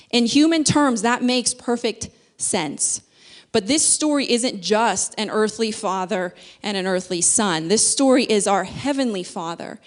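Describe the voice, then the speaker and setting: A woman giving a sermon in a conversational way, explaining with everyday examples. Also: mid-range voice. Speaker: speaker.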